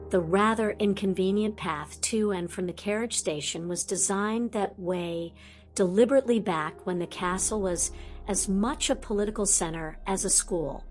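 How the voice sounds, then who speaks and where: Female audiobook narrator, even scripted reading, faint music bed. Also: medium pitch.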